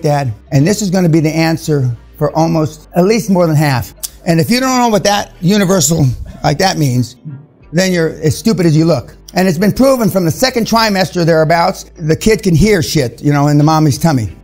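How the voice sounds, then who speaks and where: A man in his seventies giving a blunt, crude and confrontational seminar talk to a room of people, with many fillers. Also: on the high side. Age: 70s. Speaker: seminar speaker. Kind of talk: profane motivational seminar talk.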